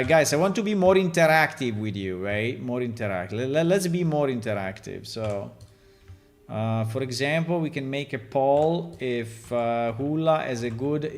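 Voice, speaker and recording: Working on a game during a relaxed live stream, a medium-pitched man from Italy chats and jokes with his viewers in a rambling way. He speaks with an Italian accent.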